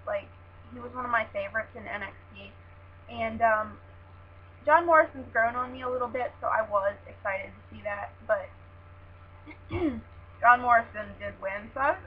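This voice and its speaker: Gushing high-voiced young woman. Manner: gushing, chatty, full of "like" and "oh my God". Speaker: wrestling fan vlogger. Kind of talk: casual show recap. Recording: dull lo-fi sound with faint hum.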